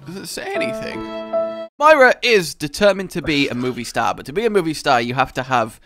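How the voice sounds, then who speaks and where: A man hosting a gaming video with friends, excitable, laughing often and swearing in surprise. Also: a little high, a little fast, over music. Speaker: host of a gaming channel. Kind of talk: energetic gaming commentary with friends.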